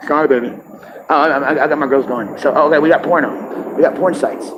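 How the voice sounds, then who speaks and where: A man's voice: on the high side, a little fast, muffled recording, noisy background. A man talking in a rambling, profane monologue, laughing often and restarting his sentences.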